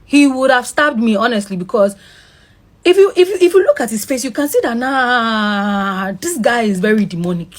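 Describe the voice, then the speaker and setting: A woman's voice: fairly high pitch, lively intonation, moderate pace. A young woman, telling how a driver threatened her, shaken and then indignant. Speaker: victim telling her story. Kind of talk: emotional personal account.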